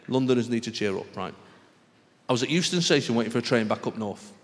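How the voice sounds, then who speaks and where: Northern English stand-up comic in a theatre. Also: male voice, medium pitch, lively intonation, normal speed. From northern England. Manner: chatty, conversational, frequent "right?" asides. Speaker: stand-up comedian. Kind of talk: stand-up comedy routine. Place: theatre stage with live audience. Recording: roomy live theatre recording with audience noise.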